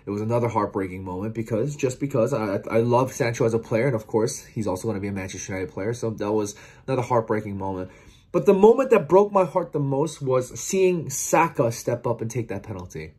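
A man's voice: medium pitch, a little mellow, slightly rough. A man giving a heartfelt, earnest post-match reflection to camera as a football vlogger, often stumbling and repeating words. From outside England, watching from across the Atlantic.

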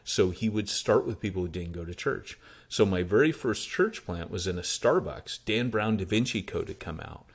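This American pastor and church planter has a lowish voice with a breathy edge and a moderate pace. In a relaxed interview he tells stories with animation, performing the lines of the people he quotes.

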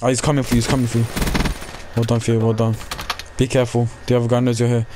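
Young British male gamer, excitable team coach, fuzzy noisy chat mic. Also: medium pitch, fast. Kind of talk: casual gaming chat.

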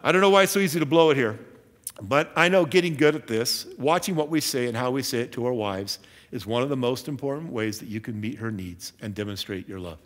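A man's voice: mid-range voice, animated, brisk, big-room sound. A man giving a sermon as pastor, emphatic and earnest, with self-deprecating asides. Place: church.

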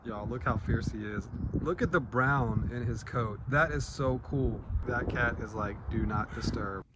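A man's voice: medium pitch, a little slow, very noisy. A man hosting a casual walking vlog outdoors in a neighborhood, talking affectionately to cats. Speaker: vlog host.

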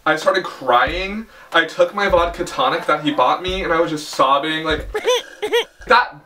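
A man's voice: fairly high pitch, sing-song, unhurried, far from the mic, heavy background noise. A young man telling a dramatic storytime in a chatty way, full of filler words. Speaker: vlogger. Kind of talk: casual storytime.

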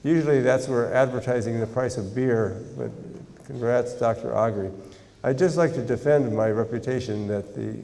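An older American man giving a university lecture, measured and deliberate, with dry humor when he tells stories. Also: medium pitch, gravelly, mellow. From United States. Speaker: guest lecturer, scientist. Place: large university lecture hall. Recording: reverberant lecture hall.

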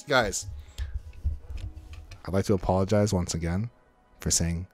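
A man's voice: on the low side, lively intonation, measured pace, long pauses, faint music behind. A young man streaming a fighting game, chatting casually with his viewers, joking and swearing. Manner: loud, swearing, joking with chat. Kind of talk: casual gaming stream chat.

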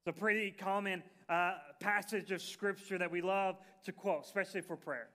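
A man's voice: sits high, fairly even intonation, moderate pace, pushed and bright. A male pastor preaching a sermon in a conversational, folksy way, with fillers and restarts.

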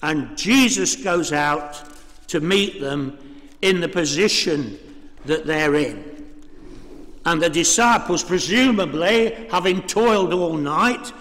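A man preaching a sermon in a church, measured and full of rhetorical questions. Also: high voice, fairly bright tone. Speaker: priest. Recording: reverberant church hall.

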